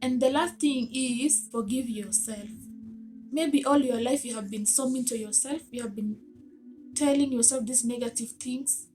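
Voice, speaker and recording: A woman's voice: on the high side, normal speed, a little mellow, faint music behind. A woman giving a motivational self-help talk to camera, earnest and coaxing, asking her listeners many rhetorical questions.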